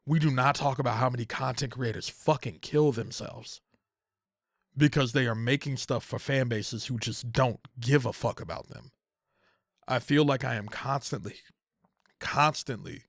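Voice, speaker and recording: Young man, content creator, venting hard and cursing, dry close mic, mid pitch. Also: moderate pace, gravelly, no echo. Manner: heated, profane, repeats phrases, rising to near shouting. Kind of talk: emotional casual rant.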